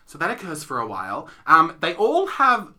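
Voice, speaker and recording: Brief: young guy, very bright, lively swooping delivery, giggles through his lines. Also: a little high, normal speed. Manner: giggly, laughs often mid-sentence. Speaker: podcast co-host reviewing theatre. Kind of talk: casual chat.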